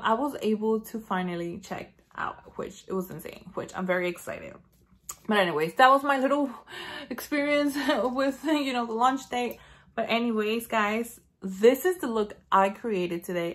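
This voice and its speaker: A woman's voice: mid-range voice, fairly bright tone. A woman beauty vlogger chatting casually, telling a rambling story full of "like" and acting out her own lines. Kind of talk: casual chat.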